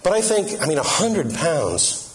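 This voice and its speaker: A man's voice: a little high, sing-song, unhurried. A middle-aged man giving a humorous Catholic talk to an audience, joking and asking them questions in a conversational way. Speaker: Catholic speaker.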